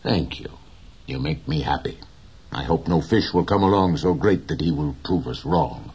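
A man voicing a gentle, proud old fisherman. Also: rumbling low, husky, full character voice. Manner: slow, gentle, dignified. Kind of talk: audiobook character reading.

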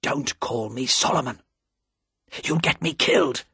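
A man voicing a frightened spy who speaks low and tensely. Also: unhurried, vocal fry, sharp tone, husky, no echo, clean studio sound, full character voice.

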